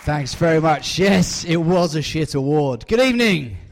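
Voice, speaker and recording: A man telling a comic true story on a live stage, chatty and self-mocking. His voice sits high for a man. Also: expressive, normal speed, vocal fry, some chatter behind, a little hiss or hum. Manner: chatty, self-mocking, directs audience volunteers. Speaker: comedian and storyteller. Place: comedy stage before a live audience.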